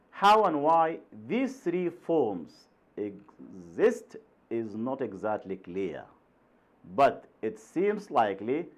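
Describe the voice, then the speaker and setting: A man from Sudan, a native Arabic speaker, teaching an English lesson, repeating words with strong stress and often asking "right?". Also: mid-range voice. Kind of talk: recorded classroom lesson.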